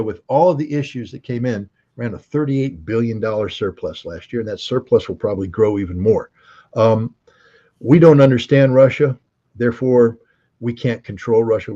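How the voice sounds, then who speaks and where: Husky, dark-voiced American man; forceful guest pundit who argues with rhetorical questions. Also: lowish voice, muffled recording. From United States. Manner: emphatic and argumentative, fond of rhetorical questions. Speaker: guest commentator. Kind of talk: opinionated interview commentary.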